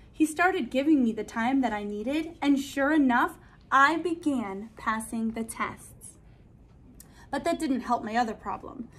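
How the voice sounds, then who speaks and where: High-voiced woman reading a storybook slowly. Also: expressive. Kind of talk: children's storybook read-aloud.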